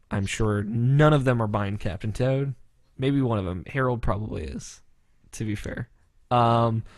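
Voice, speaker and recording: A man's voice: mid-range voice, no echo. A man hosting a gaming podcast, chatting casually with friends, laughing often and swearing freely. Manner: animated, laughs loudly, swears. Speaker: podcast host. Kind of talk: casual banter among friends.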